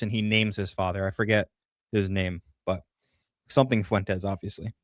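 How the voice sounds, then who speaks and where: A man's voice: fairly low pitch, steady tone, moderate pace, no echo, studio quality. A man chatting casually on a livestream, rambling through a story and reading viewer comments aloud. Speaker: livestream co-host.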